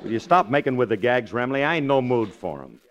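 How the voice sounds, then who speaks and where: A man playing a folksy, excitable and flustered husband in a 1940s radio sitcom. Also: medium pitch, lo-fi sound, natural voice. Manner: folksy and excitable, quick to laugh. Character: easygoing, flustered husband, a bandleader. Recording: noisy old radio broadcast.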